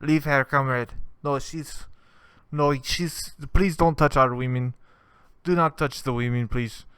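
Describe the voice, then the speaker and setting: A man voicing a stern Eastern European male soldier with a mock accent, loud and insistent in clipped commands. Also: mid-range voice, steady tone, unhurried, clear, resonant tone, dry recording, studio quality, pitched above the performer's own voice, natural voice.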